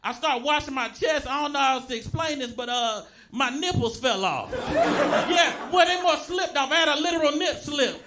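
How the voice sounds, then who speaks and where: A stand-up comedian talking in a laid-back, giggly way that turns loud at the punchlines. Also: male voice, very high-pitched, animated, normal speed. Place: comedy club stage with audience. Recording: live club recording with crowd noise. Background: audience laughter.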